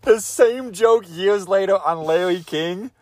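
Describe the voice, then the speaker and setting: A man's voice: high-pitched, measured pace. A man hosting a casual podcast, telling stories with lots of laughter and casual swearing. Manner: animated storyteller, laughs often, swears casually. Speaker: podcast host.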